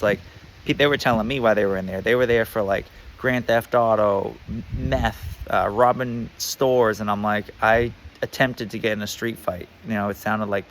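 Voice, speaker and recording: A man's voice: lowish voice, slight background noise. A man telling a personal story in a casual, rambling way, full of fillers and swearing.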